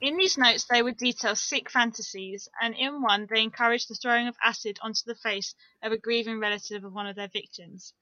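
A woman's voice: fairly high pitch, fairly even intonation, brisk, few pauses, sharp tone, dry recording, highs cut off. A young woman, co-hosting a casual true-crime podcast, with blunt, swearing remarks. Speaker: podcast co-host.

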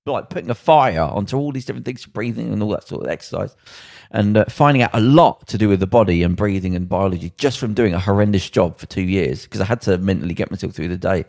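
A man's voice: on the low side, fast talker, gravelly, hardly any pauses, a little mellow, no room sound, clean studio sound. A young man co-hosting a casual podcast, telling blunt, rambling stories full of slang and mimicked voices. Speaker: podcast co-host.

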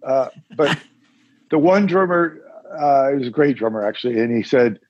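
An older man, a musician guest, telling stories in a casual interview with halting restarts and self-mocking humor. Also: mid-range voice, lively intonation, darkish tone. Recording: dull lo-fi dry sound.

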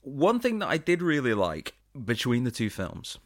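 A man's voice: medium pitch, huge pitch swings, normal speed, no echo, studio quality. A man co-hosting a podcast, explaining and reviewing films in a chatty, laid-back way. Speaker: podcast co-host. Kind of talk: casual film review chat.

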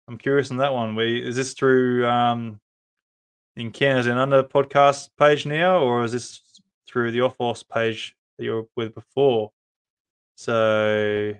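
A man's voice: medium pitch, a bit bright, clear, resonant tone. A man with an Australian accent hosting a podcast live stream, chatting casually and rambling with many ums and restarts. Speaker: podcast host.

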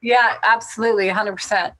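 A woman's voice: medium pitch, fairly even intonation, fast, sharp tone. Woman, casting director, blunt, straight-shooting, conversational interview. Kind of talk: casual interview.

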